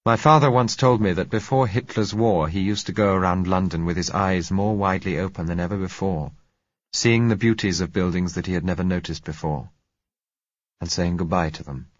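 A man reading a first-person novel aloud as narrator, measured and somber. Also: low voice, dry recording. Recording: dry, slightly dull audio.

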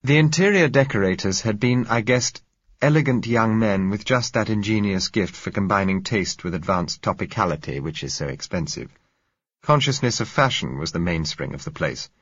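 Deep husky man narrating a story. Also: expressive, a bit bright, no room sound, lo-fi sound. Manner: measured, dry, wry. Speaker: audiobook narrator. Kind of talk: scripted narration.

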